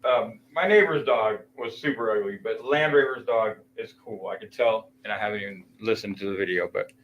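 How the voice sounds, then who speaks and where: A man's voice: fairly low pitch, fairly quick, fairly bright tone, dull audio, a little hiss or hum. A man chatting casually on a live stream, telling a rambling, profane story with frequent restarts.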